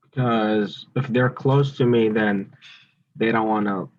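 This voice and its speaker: Low-voiced male trainee, hesitant answers, muffled lo-fi audio. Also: fairly even intonation, takes it slowly. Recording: dull lo-fi sound.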